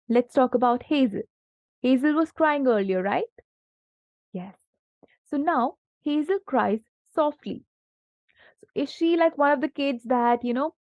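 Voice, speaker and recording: Female tutor, fairly high voice, slow and patient with a young pupil, dull lo-fi recording. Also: no echo. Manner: patient, encouraging, asks many questions. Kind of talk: one-on-one grammar lesson for a child.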